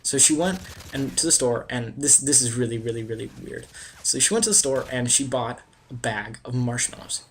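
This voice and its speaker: A man's voice: medium pitch, moderate pace, slight background noise. A man casually telling a personal story on a video, rambling and peppered with "like" and "you know". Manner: animated and swearing in retold bits. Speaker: vlogger.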